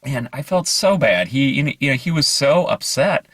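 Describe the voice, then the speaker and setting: A man's voice: mid-range voice, animated, moderate pace, hardly any pauses, a bit bright, no echo. A man vlogging in a casual, earnest way, rambling through stories with hesitant fillers. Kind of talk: casual storytelling to camera.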